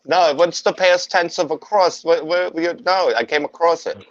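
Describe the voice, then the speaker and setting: A man's voice: a little high, normal speed, lo-fi sound. Profane new york guy on a call. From Long Island, New York. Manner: profane, storytelling, jokey. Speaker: host. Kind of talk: casual video-call chat.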